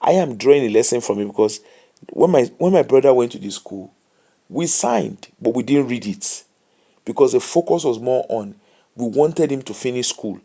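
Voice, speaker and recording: A man's voice: mid-range voice, expressive, normal speed, mellow. A tired man with a Nigerian accent hosting a late live show, giving casual commentary and advice in English mixed with Pidgin.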